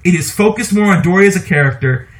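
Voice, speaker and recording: A man co-hosting a podcast, talking casually about movies in an animated, opinionated way and laughing often. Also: sits high, fast talker. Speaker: podcast co-host.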